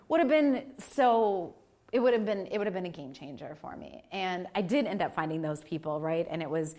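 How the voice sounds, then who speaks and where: A woman giving a keynote speech at a live event, telling lively personal stories and acting out family members' voices. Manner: animated, acts out family voices with big pitch jumps. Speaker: keynote speaker.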